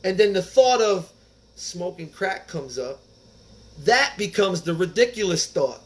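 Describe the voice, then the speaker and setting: A man with a high-pitched voice reads a recovery text aloud and stops often to add his own earnest, informal commentary. His delivery is casual, full of "like" and "man", and he comes back to the text after each aside. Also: very animated, measured pace. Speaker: recovery speaker reading the Big Book. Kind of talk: reading aloud with personal commentary.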